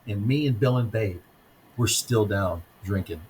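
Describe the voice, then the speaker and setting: A man in his fifties, a guest author telling stories in a conversational interview, speaking haltingly with frequent ums and restarts. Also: lowish voice, darkish tone, slight background noise, poor audio. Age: 50s.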